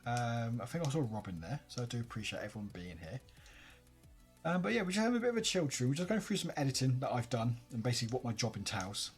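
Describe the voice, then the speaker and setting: A man's voice: medium pitch, very animated, quick pace, breathy edge, faint music behind. A tired man chatting casually on a live stream, upbeat and greeting his viewers by name.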